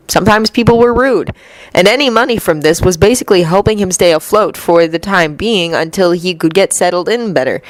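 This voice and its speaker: A woman's voice: medium pitch, no echo, poor audio. Woman steadily reading a story. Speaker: reader. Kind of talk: storybook narration of fan fiction.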